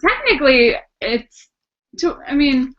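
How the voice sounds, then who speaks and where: A woman's voice: high-pitched, big pitch swings, a little slow. A woman in a casual book club discussion over a video call, thoughtful with a teasing edge. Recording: muffled video-call audio.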